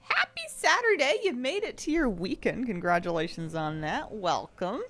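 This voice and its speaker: A woman's voice: medium pitch, sing-song, moderate pace, fairly bright tone. A woman streaming from a dim room at home, chatting casually and giggling, sometimes slipping into a baby voice for her pets. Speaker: game streamer. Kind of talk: casual live-stream chat.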